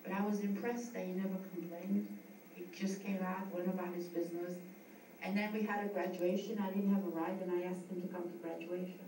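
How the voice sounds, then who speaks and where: A woman's voice: on the low side, level tone, fairly quick, dark tone. A middle-aged woman from the US East Coast, a yoga school founder giving a heartfelt, rambling tribute speech with frequent restarts. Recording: echoey room, distant mic, noisy.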